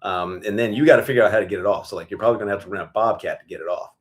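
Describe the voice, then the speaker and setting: A man's voice: lowish voice, racing. A man hosting a casual livestream Q&A about his farm, blunt and profane, laughing as he tells stories. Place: farm in Virginia.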